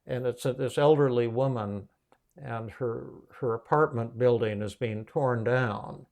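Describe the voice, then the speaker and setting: A man hosting a podcast, telling a story in a casual, animated way with many restarts. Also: medium pitch, unhurried, vocal fry. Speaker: podcast host and psychiatrist.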